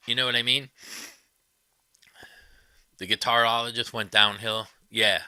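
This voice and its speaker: This livestream host speaks a little slowly at medium pitch, level in tone, bright and forceful yet clear and resonant, in a dry recording. Chatting casually with viewers and going through their comments, he shares blunt opinions laced with profanity.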